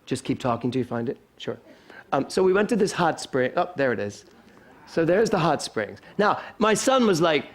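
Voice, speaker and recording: A male pastor telling a lively, self-deprecating story to his congregation during a sermon, chuckling along the way. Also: fairly high pitch, moderate pace. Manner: animated, self-deprecating humor, chuckles often. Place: spiritual center sanctuary.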